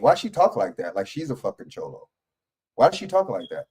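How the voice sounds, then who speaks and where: A man's voice: medium pitch, very animated, a little fast, darkish tone, breathy edge. A man giving heated, profane reaction commentary on a political video clip.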